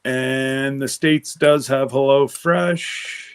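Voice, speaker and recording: Slow, rambling male livestream host. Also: mid-range voice, steady tone, clear, resonant tone. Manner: rambling, answers live chat comments aloud. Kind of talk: casual rambling chat with viewers.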